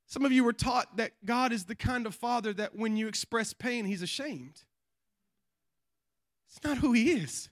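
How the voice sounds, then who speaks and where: A man preaching a sermon to a congregation, swinging between loud emphatic peaks and quiet, low passages, and calling on the people to answer back. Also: normal speed, no room sound, studio quality. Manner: calls on the congregation to respond. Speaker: pastor.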